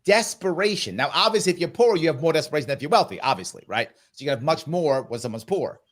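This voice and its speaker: Speaking fast in an animated voice on the high side, a man appears as a political guest in an interview conversation. He argues his points with emphasis and persuasion.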